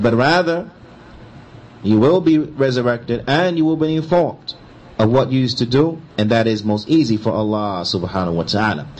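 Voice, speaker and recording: An Islamic teacher explains a hadith in a lecture. His voice sits in the mid-range, and the poor recording carries a slight hiss or hum. He alternates between reciting Arabic and giving emphatic, repetitive explanation.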